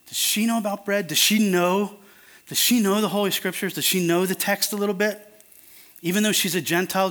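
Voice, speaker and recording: A man's voice: high-pitched, a bit bright. A man preaching an earnest, conversational sermon that turns emphatic at times.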